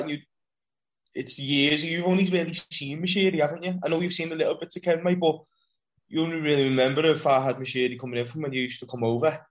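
Male podcast host, matey, rambling questions, slightly high voice. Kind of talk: casual podcast chat.

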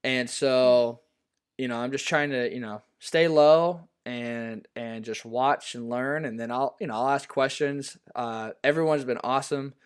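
A man's voice: mid-range voice, clean tone. A young man, a baseball player, talking casually as an interview guest with many fillers and restarts. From US Pacific Northwest. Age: young adult. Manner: halting, full of fillers and restarts.

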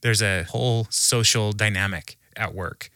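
A man speaking as a podcast guest who tells stories in an animated way and laughs often. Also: fairly low pitch, unhurried, no room sound, studio quality. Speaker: podcast guest, humor researcher. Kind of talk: conversational storytelling.

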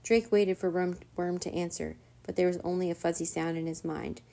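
A woman reading a children's chapter book aloud in a steady, even narrating voice. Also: fairly low pitch, normal speed. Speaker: storyteller.

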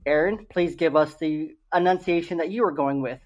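A young man co-hosts a casual podcast, upbeat and self-deprecating, reading the ads in a salesy way. His voice is a little high at a normal speed, and the recording sounds muffled.

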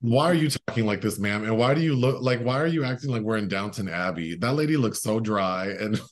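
A man with a somewhat low voice co-hosts a podcast in casual chat about a movie. He jokes a lot and laughs easily. His talk is loose and full of "like" fillers. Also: lively intonation, fairly quick. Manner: joking, laughs often, many "like" fillers. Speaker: podcast co-host.

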